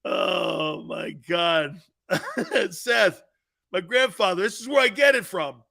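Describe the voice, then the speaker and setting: High, bright-voiced laughing sports talk host. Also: male voice, takes it slowly, creaky. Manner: storytelling, animated, laughing hard at his own story. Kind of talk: casual live-stream chat reading viewer comments.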